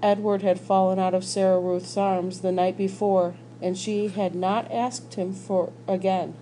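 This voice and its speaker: A woman reading a children's novel aloud, slow and gentle. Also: medium pitch, level tone, a little hiss or hum, rough recording. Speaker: school staff reader.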